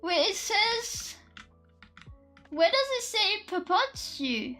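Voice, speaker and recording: A young woman with a very high, bright-sounding voice chats on a live stream, giggling and cursing as she thinks out loud. She talks at an unhurried, drawn-out pace, with faint lo-fi music playing softly behind her. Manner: excitable, giggly and profane, thinking aloud. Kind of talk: casual live-stream chat.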